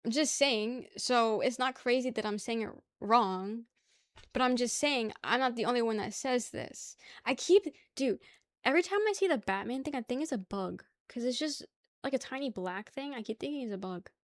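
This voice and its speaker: A young woman chats casually on her livestream, sliding from one topic to the next, laughing and cursing freely. Her voice sits a little high. The sound is dry and close, with no room around it. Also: expressive, normal speed, no echo. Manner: chatty, swears casually, laughs often. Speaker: livestream host. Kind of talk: casual chat with chat.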